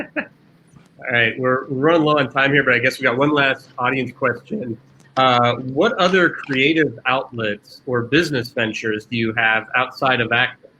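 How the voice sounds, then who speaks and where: Bright-voiced man moderating. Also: mid-range voice, steady tone, a little hiss or hum, rough recording. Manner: brisk, friendly, reads questions. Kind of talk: panel moderation.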